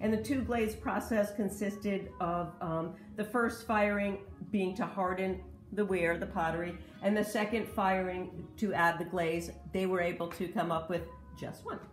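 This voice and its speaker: A woman's voice: medium pitch, fairly even intonation, unhurried, echoey room, faint music behind. A woman in a casual vlog, chatting about her thrift-store finds and explaining their history in detail. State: slight cough. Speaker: thrift reseller showing finds. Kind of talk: casual show-and-tell vlog.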